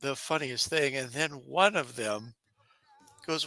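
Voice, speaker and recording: A man's voice: medium pitch, slow pace. A man co-hosting a casual podcast chat, telling stories with frequent laughter and acted-out quotes. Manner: animated storyteller, laughs often, acts out quotes. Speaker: podcast co-host.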